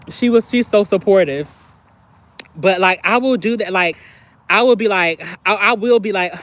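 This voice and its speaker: A young man with a high, light voice talks openly on a livestream, confiding and playful. He acts out little phone conversations in quick voices and keeps clearing his throat. The sound is close and dry, with no room around it. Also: a bit bright, no echo. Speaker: livestream host. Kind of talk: candid personal livestream chat.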